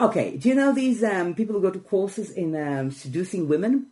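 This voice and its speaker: A woman's voice: medium pitch, lively intonation, brisk, mellow. A middle-aged woman comedian from Israel, chatting frankly and wryly on a podcast, swearing freely. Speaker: comedian guest. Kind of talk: casual chat.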